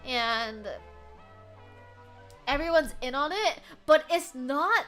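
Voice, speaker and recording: A woman streamer chats casually with a high, bright voice. She is animated, breaks into laughter often and swears freely. Faint music plays underneath. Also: slow pace, pauses often. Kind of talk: casual chat.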